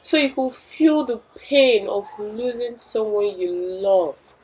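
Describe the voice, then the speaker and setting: A woman's voice: medium pitch, slow pace, a little mellow, slightly rough, poor audio. A young woman telling a village story with chatty asides to the listener. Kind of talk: oral storytelling.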